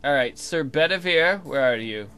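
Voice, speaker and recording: A man's voice: a little high, expressive, normal speed, bright, forceful tone, clear, resonant tone. Casual, profane gamer man with game music. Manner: casual and profane, thinking aloud and reading game text. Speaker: let's play gamer. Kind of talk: casual gameplay commentary.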